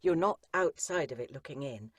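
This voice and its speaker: Her husky bass voice carries lively intonation at a normal speed as she discusses her craft in an interview. She's an audiobook narrator and coach who stresses points emphatically through repetition, recorded with no room sound in clean studio audio.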